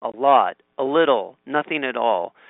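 A man with a gravelly, fry-edged voice reads out quiz questions and mulls over his answers in a casual chat. He hesitates often, with ums and restarts. The sound is tinny and phone-like. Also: mid-range voice, expressive, moderate pace, dry recording. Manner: thinks aloud with many ums and restarts. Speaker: quiz taker reading questions aloud.

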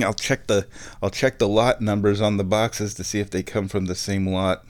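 A man's voice: fairly low pitch, level tone, normal speed. A man chatting casually to viewers, thinking aloud and searching for words as he rambles from topic to topic. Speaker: vlogger. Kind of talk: casual rambling chat while watching sport.

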